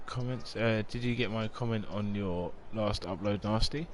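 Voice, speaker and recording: A man's voice: on the low side, normal speed, a little hiss or hum. A man, chatting casually on a live game stream, rambling and reading out viewer comments.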